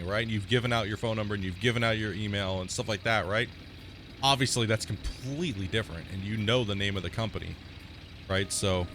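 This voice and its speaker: A man's voice: medium pitch, bright, forceful tone, a little hiss or hum. A man streaming a game live, chatting casually and rambling through stories, often tagging sentences with "right?".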